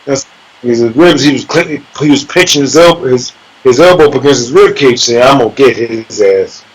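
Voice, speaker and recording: This man, an MMA fighter appearing as an interview guest, animatedly recounts a sparring session with plenty of profanity, acting out voices and noises. He talks at a brisk pace in a medium pitch, and the audio quality is poor.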